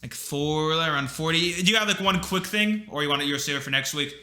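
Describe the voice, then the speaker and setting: A young man with a very bright, slightly high voice, chatting casually on a podcast. He rambles through his stories with plenty of fillers, and the room gives his voice a roomy echo. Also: a little fast. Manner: rambling storyteller, lots of fillers. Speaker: podcast co-host. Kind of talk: casual chat.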